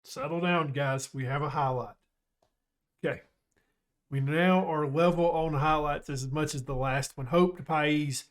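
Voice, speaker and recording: A man casually commentating his own football management game, chatty and excitable, joking with his viewers. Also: fairly high pitch, unhurried. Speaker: gaming YouTuber.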